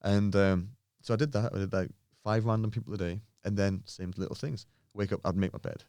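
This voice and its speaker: Deep-voiced earnest man. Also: steady tone, brisk, a little mellow, no echo. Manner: earnest, mimics others' voices in anecdotes. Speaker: podcast guest, pro bodybuilder. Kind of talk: casual conversation, storytelling.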